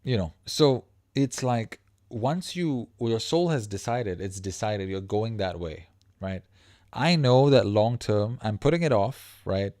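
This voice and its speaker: A man hosting a casual livestream as a life coach, talking in a profane, animated way that breaks into laughs mid-sentence. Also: on the low side, unhurried, dry recording, studio quality.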